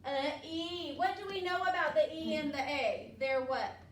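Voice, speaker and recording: A woman teacher leading a classroom phonics lesson, upbeat and patient, drawing words out slowly for the children. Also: high voice, slight background noise. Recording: echoey classroom from far off.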